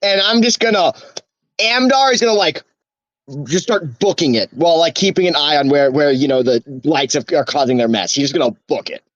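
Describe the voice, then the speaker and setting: A man playing in a tabletop game, eager and rushing, repeating himself as he plans. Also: a little high, animated, a bit bright, dry recording, lo-fi sound. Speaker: player.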